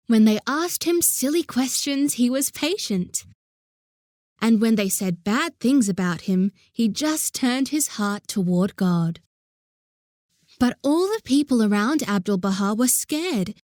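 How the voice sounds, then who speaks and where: A woman narrating a children's story in a gentle, even way. Her voice is high and she takes her time, and the recording is dry and close. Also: dry recording. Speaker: audiobook narrator.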